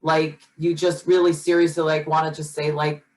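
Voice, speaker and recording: A woman's voice: low-pitched, flat delivery, normal speed, a little mellow, a little hiss or hum, rough recording. A woman co-hosting a podcast in casual chat, talking earnestly and passionately, often restarting and repeating words as she gets worked up. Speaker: podcast co-host.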